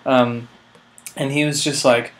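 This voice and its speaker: A man's voice: mid-range voice, fairly even intonation, takes it slowly. A man in his twenties telling a rambling, self-mocking comic story, full of filler words. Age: 20s. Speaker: vlog host.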